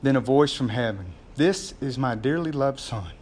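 A man, a pastor preaching a sermon in a conversational way, calling the congregation "gang" and getting loud and excited as he acts out scenes. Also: medium pitch, moderate pace, slight background noise.

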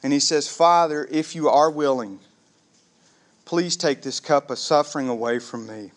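A man preaching a sermon, conversational and animated, calling the congregation "gang" and asking them questions. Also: medium pitch, moderate pace. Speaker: pastor.

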